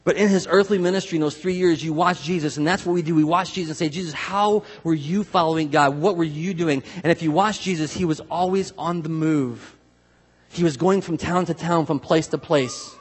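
A man preaching a sermon in a conversational, animated way, acting out voices of people he quotes. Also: a little high, fairly quick, breathy edge. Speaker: pastor. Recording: long hall reverb.

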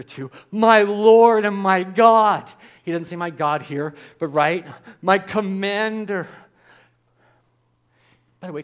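Animated man preaching a sermon. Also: a little high. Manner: animated, acts out voices of biblical figures. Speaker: pastor.

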